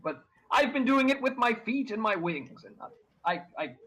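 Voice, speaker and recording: A fussy male crow with a husky, high-set voice, stammering through long-winded courtesies, as a man puts him on. He sounds overly formal and self-important, pitched well above an ordinary man's voice, with a breathy rasp running under it. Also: big pitch swings, moderate pace, pushed and bright, exaggerated voice, poor audio. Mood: pompous.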